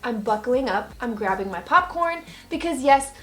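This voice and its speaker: A woman's voice: fairly high pitch, animated, normal speed, faint music behind. Sarcastic, playful American woman vlogger. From United States. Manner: sarcastic, playful, mock-serious. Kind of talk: comedic vlog monologue.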